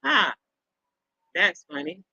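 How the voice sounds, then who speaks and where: A woman's voice: lowish voice, very animated, slow pace, bright, forceful tone, slightly rough, no echo. A middle-aged woman hosting a live stream, chatting casually and rambling through stories with chuckles and repeats. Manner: rambling storyteller, chuckles often, repeats herself. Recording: dull lo-fi sound.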